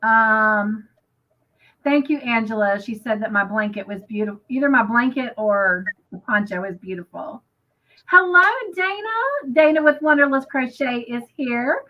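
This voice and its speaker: A woman's voice: fairly high pitch, normal speed, a little hiss or hum. A woman co-hosting a crafting livestream, chatting casually and emotionally with lots of "you know" fillers, reading out viewer comments. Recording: muffled lo-fi stream audio.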